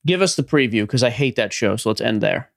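A man's voice: medium pitch, lively intonation, a little fast, creaky. A man co-hosting a sports card podcast, teasing his partner and steering the rundown in casual banter. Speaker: podcast co-host.

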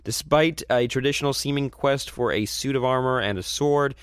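A man's voice: medium pitch, normal speed, clear, resonant tone, dry recording, studio quality. A man hosting a casual movie review chat, talking enthusiastically with frequent restarts and rambling sentences. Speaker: movie review podcast host.

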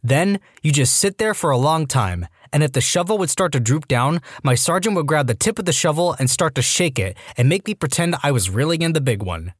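A male narrator reads online stories in a scripted but animated way, dipping into quick character voices. His voice sits a bit high and moves a lot. The sound is dry and close, with no room around it. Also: husky, no room sound. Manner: lively reading with voiced character quotes. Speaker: story narrator.

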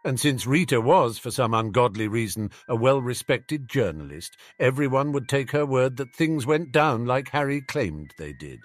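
Lively male audiobook narrator, dry sound. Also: medium pitch, moderate pace, dry recording. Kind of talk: audiobook fan-fiction reading. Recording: dry close recording with faint music.

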